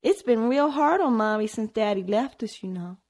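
A woman voicing a young girl, an anxious, tearful little sister with high, trembling speech. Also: expressive, normal speed, a little mellow. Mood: worried. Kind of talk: audiobook character voice.

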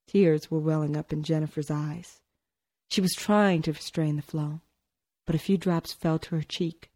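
A woman narrating a novel in a measured storytelling manner. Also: low-pitched, fairly even intonation, mellow. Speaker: audiobook narrator. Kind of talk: scripted narration.

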